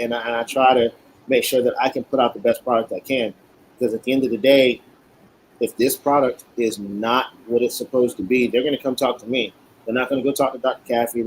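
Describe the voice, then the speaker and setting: A man's voice: medium pitch, a little fast, slight background noise, poor audio. A man who makes cigars, a guest telling stories in casual talk and acting out what others said. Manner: animated, acts out quotes. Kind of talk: casual storytelling.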